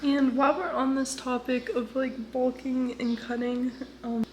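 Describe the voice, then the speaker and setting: A woman's voice: sits high, steady tone, a little slow, slight background noise. A young woman talking to her phone camera in a casual vlog, candid and swearing freely as she moves from home to the gym. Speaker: vlogger.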